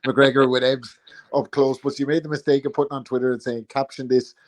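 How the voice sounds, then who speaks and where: A man's voice: medium pitch, fairly even intonation, quick pace. A man co-hosting a boxing podcast, telling stories with frequent laughs and swearing. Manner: laughing storyteller, swears often. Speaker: podcast co-host. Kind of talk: casual chat.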